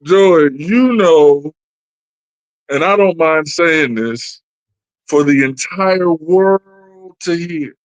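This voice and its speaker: High expressive man on a dry mic. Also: extremely slow, long pauses, dry recording, poor audio. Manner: playful, preachy mock-serious rants. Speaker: podcast co-host. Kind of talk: casual movie-discussion chat.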